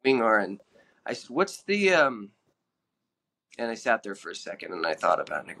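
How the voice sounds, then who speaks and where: A man guest telling his own story in an earnest, halting way, with many fillers and restarts. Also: on the low side, big pitch swings, bright, forceful tone. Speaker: podcast guest.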